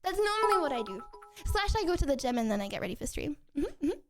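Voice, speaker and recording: A young woman with a bright, high voice chats with her live viewers from home. She rambles, laughs easily and trips over her own sentences as she goes. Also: sing-song, fast, soft background music. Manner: chatty and rambling, with frequent restarts and giggles. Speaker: streamer. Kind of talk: casual chat with viewers.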